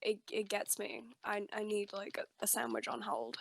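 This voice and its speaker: A woman from England with a received pronunciation accent, chatting as a podcast guest with wry, deadpan humour. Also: mid-range voice, moderate pace, gravelly. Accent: English received pronunciation. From England, Birmingham. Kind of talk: casual chat.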